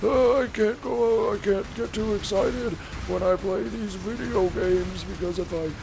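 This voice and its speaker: A man's voice: high voice, a little slow, vocal fry, voice pushed up. A man doing a fretful old southern codger. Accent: put-on American Southern. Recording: noisy background.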